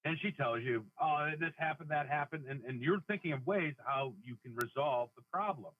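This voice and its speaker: A man's voice: a little high, moderate pace, slight background noise. A man calling in to a radio show, explaining his point with frequent restarts. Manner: explains with restarts and repeated words. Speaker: radio caller. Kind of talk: casual call-in chat. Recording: dull phone-line caller audio.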